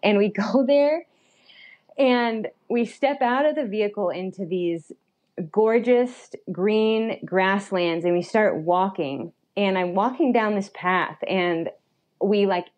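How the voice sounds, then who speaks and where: A young adult woman telling a personal story as a podcast guest, animated and chatty, with lots of fillers and little laughs. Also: medium pitch, slow. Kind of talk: storytelling in a casual chat.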